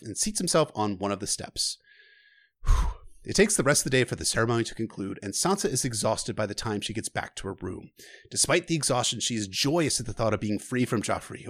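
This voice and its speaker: Give me a lively man narrating a book recap with casual asides. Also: mid-range voice, no room sound, studio quality.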